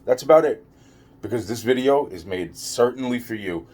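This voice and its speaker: A man's voice: mid-range voice, animated, moderate pace, a little mellow. A man talking straight to camera in a rambling, profane vlog rant, repeating himself and stumbling over restarts. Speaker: vlogger. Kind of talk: ranting vlog monologue.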